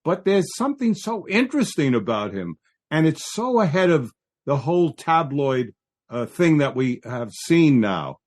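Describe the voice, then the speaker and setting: A man's voice: a little high, big pitch swings, measured pace, a little mellow. A man co-hosting a classic film podcast, talking enthusiastically and laughing easily. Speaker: podcast co-host. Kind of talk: casual film discussion.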